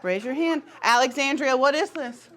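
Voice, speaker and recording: A woman's voice: high voice, moderate pace, a bit bright. Upbeat preschool teacher, a woman. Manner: upbeat and encouraging, gives short firm directions to small children. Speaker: pre-kindergarten teacher. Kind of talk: classroom instruction. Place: classroom.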